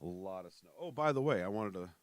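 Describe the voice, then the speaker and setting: Man, low voice, dry close mic, casual rambling podcast host, lots of ums. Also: lively intonation, fast talker, dry recording. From South Dakota. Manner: rambling, chatty, many fillers and restarts. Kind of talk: casual solo podcast chat.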